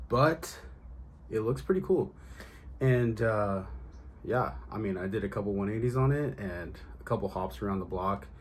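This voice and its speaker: A man's voice: lowish voice, a little hiss or hum. A man in his thirties or forties, out of breath after riding, rambling casually with lots of ums in an outdoor vlog. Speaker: BMX rider vlogger. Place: outdoors on a street.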